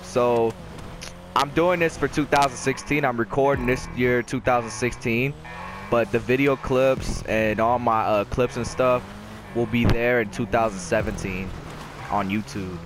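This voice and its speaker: A young man giving casual commentary while playing a racing game, yelling when hyped and muttering when losing. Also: mid-range voice, fairly even intonation, measured pace. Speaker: gaming YouTuber. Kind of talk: live gameplay commentary. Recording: game audio noise behind voice.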